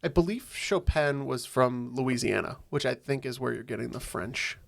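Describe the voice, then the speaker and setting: A man on a trivia podcast, reasoning through answers in a relaxed way. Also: medium pitch, normal speed, creaky. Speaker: quiz contestant. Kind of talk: casual podcast banter.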